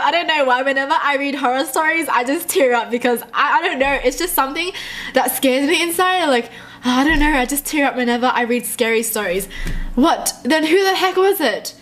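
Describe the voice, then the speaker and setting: A young woman reading short horror stories aloud and reacting in a jumpy, excitable way, often laughing. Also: high-pitched.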